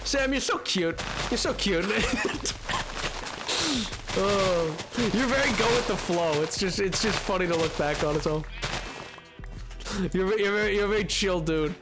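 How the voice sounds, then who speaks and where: High-voiced rambling young man streamer. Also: animated, unhurried, long pauses, music in the background. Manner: rambling, self-mocking, laughs often. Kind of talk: casual gaming stream chat.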